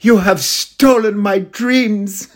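Man doing a shrill, outraged teen girl. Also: steady tone. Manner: outraged, slow, shouting. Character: impression of an indignant teenage girl activist.

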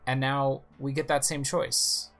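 A man's voice: medium pitch, flat delivery, measured pace, fairly bright tone, faint music behind. A man reading a story game's text aloud, with casual asides on the pictures. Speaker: game player narrating.

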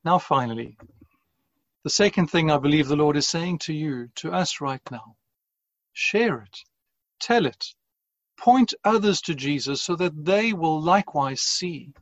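Man preaching a sermon, slow and earnest, kinda high voice, muffled lo-fi sound. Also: lively intonation, a bit bright, dry recording. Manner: measured, earnest preaching with deliberate pauses. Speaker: pastor.

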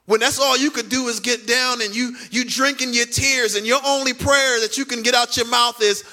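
A man preaching a sermon as pastor, speaking to the congregation with direct questions and drawn-out emphatic words. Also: extremely high pitch, steady tone, bright, forceful tone. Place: church sanctuary.

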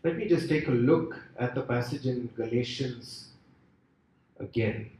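A man preaching a sermon with an expressive, rising and falling delivery and many rhetorical questions. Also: medium pitch, a little slow, a little hiss or hum. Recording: echoey hall from far off.

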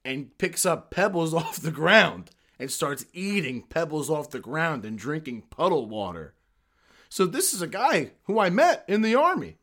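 A man, an army veteran, telling profane, animated stories in a casual chat. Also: a little high.

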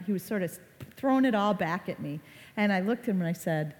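A woman's voice: mid-range voice, animated, fairly quick, darkish tone. Chatty woman speaking in a hall. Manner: chatty storyteller, acts out quotes. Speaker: speaker on online reputation. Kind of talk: talk to a live audience. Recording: reverberant hall.

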